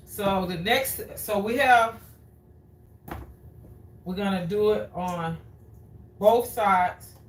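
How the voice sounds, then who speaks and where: Recorded at a distance in an echoey home kitchen with faint room noise, a woman hosting a cooking show talks slowly and warmly, repeating herself and addressing viewers as "guys." Her voice is middle-pitched and a bit bright.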